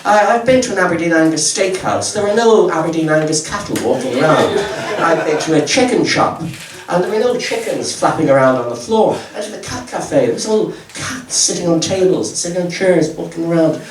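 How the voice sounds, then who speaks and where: A man's voice: on the high side, animated, brisk, few pauses, a crowd in the background. A man, rambling and stammering with self-mocking asides. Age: 70s. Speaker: stand-up comedian. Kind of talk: stand-up comedy set. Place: comedy club stage. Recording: roomy live audio from far off. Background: audience laughter.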